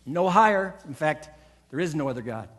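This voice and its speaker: A pastor in a church, preaching with a fairly high, ringing man's voice. He drives his points home with emphasis and acts out the voices he quotes. He leads the congregation in call-and-response. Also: lively intonation, normal speed, a bit bright. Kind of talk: sermon. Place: church sanctuary.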